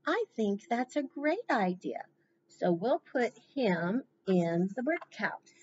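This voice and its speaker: A woman presenting a library storytime, reading slowly and encouraging the children warmly as she leads them. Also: mid-range voice, lo-fi sound, a little hiss or hum. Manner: encouraging, slow, animated.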